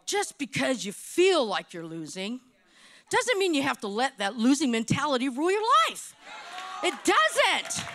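Woman from Hawaii, church testimony, high voice swinging widely, dramatic storyteller who repeats herself for effect. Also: normal speed, some chatter behind. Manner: animated, dramatic storytelling with repetitions. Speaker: church speaker giving testimony. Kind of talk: sermon testimony.

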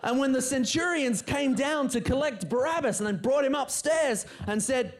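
A preacher giving a humorous, animated sermon to a live church audience, dropping to a quiet voice for emphasis. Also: high-pitched, brisk, few pauses.

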